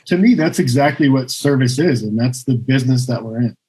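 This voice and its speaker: A man co-hosting a podcast, making measured, supportive remarks in casual chat. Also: mid-range voice, animated, mellow, breathy edge, rough recording. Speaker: podcast co-host.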